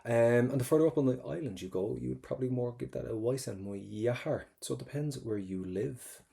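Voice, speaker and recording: A man's voice: mid-range voice, fast, vocal fry, dark tone. A man with an Irish accent, teaching an exam-prep language lesson in a chatty, joking way, drilling pronunciation.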